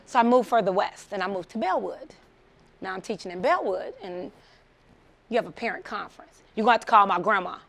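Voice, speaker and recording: Middle-aged woman from the chicago suburbs, kinda gravelly voice, telling her story on stage and doing everybody's voices. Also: medium pitch, brisk. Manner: animated, acts out quoted voices, laughs often. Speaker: motivational speaker. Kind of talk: storytelling talk.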